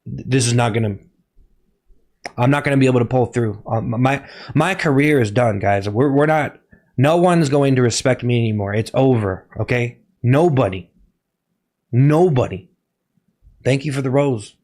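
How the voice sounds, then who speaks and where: A man streaming live in a comic persona, giving a melodramatic mock confession, halting and repeating himself while he keeps telling his chat to be quiet. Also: mid-range voice.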